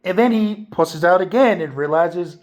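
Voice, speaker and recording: A man's voice: high voice, normal speed, a little mellow. A man giving a casual, spoilery movie review, rambling and swearing freely with lots of fillers.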